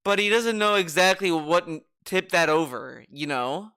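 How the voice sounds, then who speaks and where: A man's voice: high voice, normal speed, sharp tone, clear, resonant tone. A man streaming, commenting on clips in a mocking, sarcastic way. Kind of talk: casual commentary.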